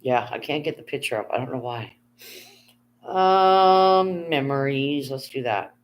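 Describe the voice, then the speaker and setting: A woman's voice: extremely low pitch, expressive, measured pace, lo-fi sound. A woman, chatting casually on a live stream, rambling, answering her chat and swearing freely.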